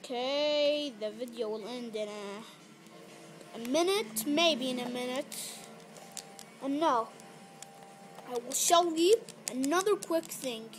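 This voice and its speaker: High halting voice. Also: a little hiss or hum. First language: Arabic. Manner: halting, repeats words, scolds the game animals loudly. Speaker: gameplay video maker. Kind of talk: casual gameplay commentary. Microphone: phone camera held between the knees.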